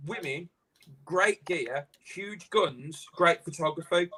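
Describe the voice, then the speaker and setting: A man's voice: high voice, unhurried, sharp tone, husky. A man hosting a live stream, ranting animatedly in casual chat and swearing freely. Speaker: host.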